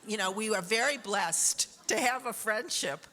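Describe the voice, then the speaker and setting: An older woman on stage telling a personal story in an expressive way, often laughing as she goes. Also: medium pitch, unhurried. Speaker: honored guest interviewee. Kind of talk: animated anecdote on stage.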